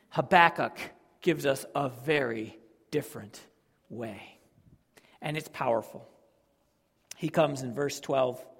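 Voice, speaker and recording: Male pastor, sermon, emotive, loud to hushed, sighs, slow pace, echoing hall. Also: a little high, slightly rough. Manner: emotive, swings between loud emphasis and quiet, with sighs.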